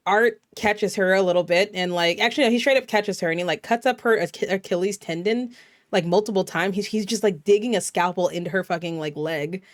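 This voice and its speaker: A woman VTuber host in a casual vlog, recapping a horror film with profane, animated storytelling full of fillers. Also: medium pitch, dry recording, studio quality.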